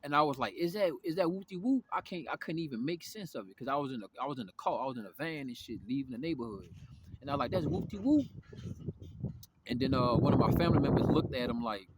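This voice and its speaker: A man's voice: mid-range voice, racing. A young man telling a story in a rambling, profane monologue, full of slang and restarts. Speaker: vlogger. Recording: noisy background.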